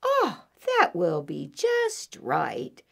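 A woman voicing a small, polite female mouse who squeaks her words in a high, sweet voice while searching for a home. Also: wildly swooping pitch, very slow, vocal fry, heavily acted. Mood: polite hopeful.

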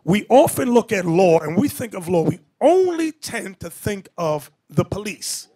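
A man preaching as a bishop, his voice set a touch high and swinging widely in pitch. He teaches in an emphatic lecture style and breaks off into off-the-cuff asides. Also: big pitch swings, unhurried, warm tone.

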